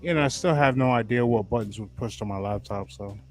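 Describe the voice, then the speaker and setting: A man's voice: medium pitch, brisk, soft background music. A man co-hosting a casual chat, laughing and swearing as he tells his side of a story. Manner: laughing, loose, profane.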